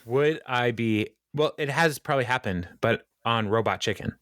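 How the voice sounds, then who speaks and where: A man co-hosting a podcast talks casually through a sitcom episode, slipping in playful jokes. He has a middle-pitched voice that sounds dry and close on the mic. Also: moderate pace, a bit bright, no echo. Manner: playful, jokey asides, dips into mock voices. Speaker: podcast co-host.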